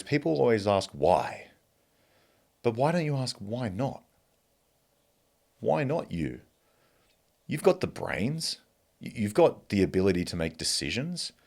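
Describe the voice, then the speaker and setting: A young man with an Australian accent and a very deep voice talks alone on his podcast. He swears freely and pushes hard to get his listeners fired up. Now and then he stops to cough. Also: darkish tone. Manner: blunt, profane and fired up. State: coughing at times. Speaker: podcast host. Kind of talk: motivational monologue.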